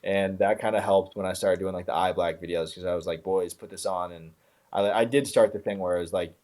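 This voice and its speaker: A man's voice: low voice, fairly even intonation, a little fast, a little mellow. A young man talking casually as a podcast guest over a remote call, laid-back, with lots of fillers. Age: young adult. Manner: laid-back, filler-heavy, self-described sarcastic. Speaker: guest, content creator.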